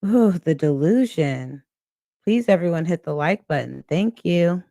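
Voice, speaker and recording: This reaction host's voice is lowish, expressive, gravelly, and mellow, captured in a dry, clean studio recording. Addressing her livestream viewers casually, she delivers slow commentary that's critical and exasperated.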